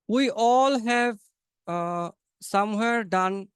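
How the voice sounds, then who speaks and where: A man teaches English conversation over a webinar video call. His voice is high and notably clear. The sound is dry and close, and he coaches his students by repeating his points. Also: slow pace, fairly bright tone, no echo. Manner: encouraging, repeats phrases, coaching tone.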